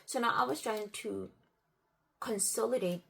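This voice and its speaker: A woman telling an animated, exasperated storytime on her vlog. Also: on the high side, unhurried, gravelly. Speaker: vlogger.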